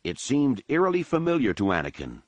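A man giving scripted audiobook narration in a measured, dramatic reading. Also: mid-range voice, wildly swooping pitch, no room sound.

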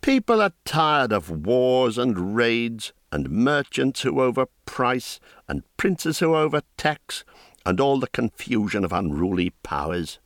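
A man's voice: mid-range voice, big pitch swings, slow pace, no echo, studio quality, pitched above the performer's own voice. A man voicing a cocky, gossipy young male wizard student who talks in a chatty, offhand way. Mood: earnest.

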